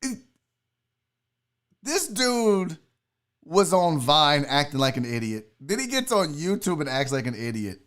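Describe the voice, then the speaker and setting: Animated, profane man ranting. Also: high-pitched. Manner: profane, animated, talks to chat viewers. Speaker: podcast host. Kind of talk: casual live-stream rant.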